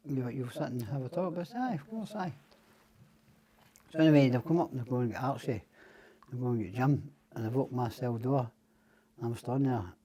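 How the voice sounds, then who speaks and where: A man's voice: mid-range voice, dark tone, husky. A middle-aged Scottish man, a podcast guest, telling rambling, profane stories and acting out the other people's lines. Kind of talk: casual storytelling.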